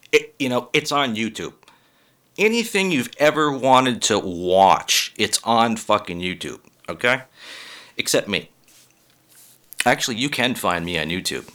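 Bright-voiced, swearing male comic. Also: fairly low pitch. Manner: rambling, profane, laughs at own jokes. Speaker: comedian. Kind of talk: profane comedic monologue.

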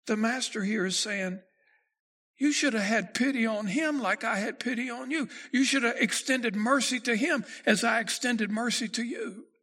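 A man preaching a sermon in a high voice with a gravelly edge. He reads scripture in slow, measured phrases, then presses his points with growing force. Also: pushed and bright. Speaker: pastor.

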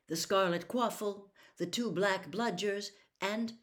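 A woman reading a storybook aloud, with slow, expressive narration. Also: medium pitch.

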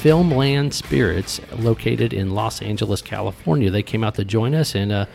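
A man's voice: on the low side, moderate pace, creaky, a little mellow, soft background music. A man hosting an interview show, talking in a folksy way and often stammering and repeating words. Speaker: host. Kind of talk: casual interview chat.

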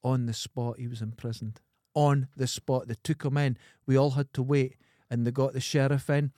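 Scottish man telling animated stories. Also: medium pitch, normal speed, no room sound, clean studio sound. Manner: animated, acts out people in his anecdotes. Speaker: podcast co-host. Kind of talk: casual storytelling chat.

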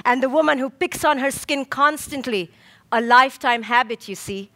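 A woman clinical psychologist giving an inspirational talk, slow and emphatic, with rhythmic lists and dramatic pauses. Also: sits high, fairly bright tone.

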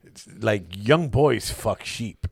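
A man's voice: fairly low pitch, animated, slow, creaky, breathy edge, dry recording, clean studio sound. A man co-hosting a podcast in casual chat, talking crude and profane in a rambling way. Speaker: podcast co-host.

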